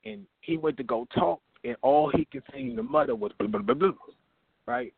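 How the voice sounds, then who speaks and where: A man's voice: medium pitch, normal speed, gravelly, breathy edge, no room sound, narrow, tinny audio. A man at an open mic line, telling a profane comic story and acting out the voices in it over the phone. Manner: animated, acts out voices in his story. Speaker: open mic comedian calling in.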